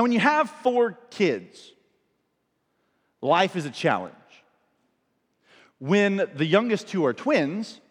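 A man's voice: sits high, big-room sound. A man in his thirties, a pastor preaching a sermon with playful storytelling and comic timing.

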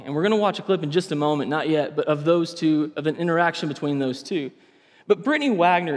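A young man delivering a sermon lesson in a casual, animated, conversational way, often restarting his phrases. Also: fairly high pitch. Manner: animated, conversational, self-correcting. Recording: reverberant hall sound.

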